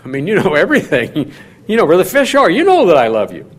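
A man's voice: high-pitched, wildly swooping pitch, fast, voice pushed up, full character voice. A man reading as eager Peter. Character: Peter, grown man, eager devoted fisherman.

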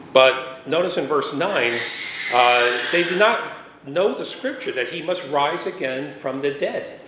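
A man's voice: mid-range voice, pushed and bright. Preacher man in an echoey room. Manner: reads verses aloud, breaks off to explain, frequent "uh" and "um". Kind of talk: sermon with scripture reading. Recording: echoey room, faint background noise.

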